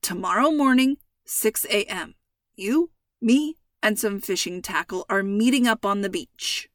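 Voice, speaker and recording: A woman reading aloud, voicing a calm, reassuring middle-aged father with a teasing sense of humor. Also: medium pitch, a little slow, no echo, clean studio sound, lightly acted. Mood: playful. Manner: reassuring, playful.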